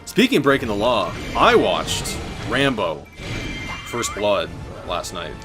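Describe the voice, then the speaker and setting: A man in his twenties doing casual, rambling gameplay commentary with deadpan jokes, button clicks audible. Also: lowish voice, takes it slowly. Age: 20s. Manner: joking, rambling, deadpan absurd asides. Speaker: gaming channel host. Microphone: desk mic with button clicks heard. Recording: game music under the voice. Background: game music.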